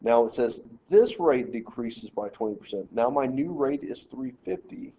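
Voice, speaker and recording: A man's voice: medium pitch, animated, normal speed, dark tone, slightly rough. Man talking through math steps, lo-fi. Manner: talks through problems step by step, directing students. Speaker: math teacher. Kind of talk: screen-recorded math lesson walkthrough.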